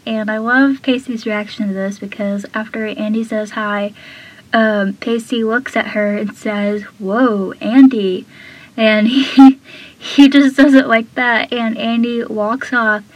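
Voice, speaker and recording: A woman's voice: a little high, rough recording. A woman hosting a casual episode recap, chatty and full of fillers, slipping into whispery asides and laughing between lines. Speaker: show recap host.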